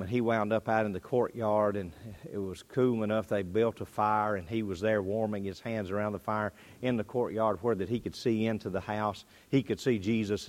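Man, preacher, sermon delivery, dramatic rises and hushed drops. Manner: dynamic delivery, pitch and volume rising and dropping.

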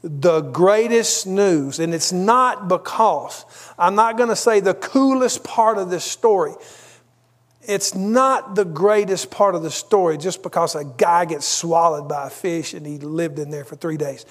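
A man's voice: high voice, a little slow. A man preaching a sermon, telling a story conversationally with asides. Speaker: pastor.

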